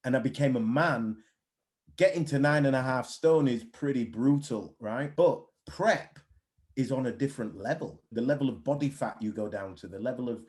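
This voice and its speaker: A man's voice: mid-range voice, moderate pace. A man, a mindset coach speaking bluntly and animatedly in a casual interview. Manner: blunt, animated storytelling with swearing.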